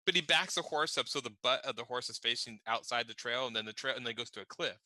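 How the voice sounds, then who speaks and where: A man with a very bright, forward voice chats casually on a podcast, telling gaming anecdotes and laughing along as he goes. The sound is dry and close, with no room around it. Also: mid-range voice, quick pace, dry recording, rough recording. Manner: storytelling, laughs at own stories. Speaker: podcast co-host. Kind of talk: casual chat.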